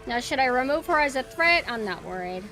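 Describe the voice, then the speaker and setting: A woman's voice: high-pitched, lively intonation, a little fast. A young woman streaming a horror game, cursing and yelping with frustration as she plays. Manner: swearing, frustrated outbursts and yelps. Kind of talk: gaming stream commentary. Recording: game music playing underneath. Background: game music.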